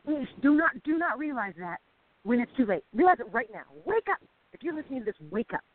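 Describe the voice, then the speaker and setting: Excitable lady cohost talking real fast, pushy cheerleader vibe, dry phone-ish sound. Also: sits high, no room sound, narrow, tinny audio. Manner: excitable, emphatic, exhorting listeners. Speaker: co-host. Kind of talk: casual faith podcast chat.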